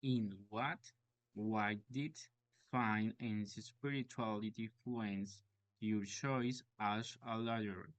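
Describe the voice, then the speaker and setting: A man whose first language is Spanish, an English learner reading out prepared questions in a hesitant, halting way. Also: on the low side, fairly even intonation, no echo, poor audio.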